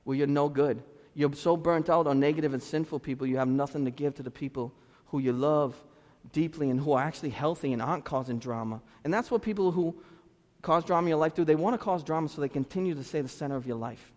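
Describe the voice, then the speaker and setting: A male pastor preaching with an earnest, conversational manner, his fairly high voice carrying through a church hall with a long, lingering echo. He swings between loud exhortation and soft, confessional moments. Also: fast. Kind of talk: sermon. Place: church sanctuary.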